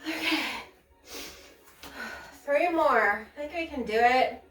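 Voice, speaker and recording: Breathless woman with a high voice. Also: takes it slowly. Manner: sighing, breathy, chatty. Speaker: yoga instructor. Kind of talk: casual yoga class talk. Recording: echoey room, mic at a distance, soft music.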